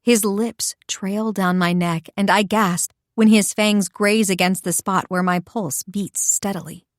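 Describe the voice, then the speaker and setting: A woman narrating a first-person romance audiobook in an expressive, intimate storytelling voice. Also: mid-range voice, measured pace, no echo, clean studio sound.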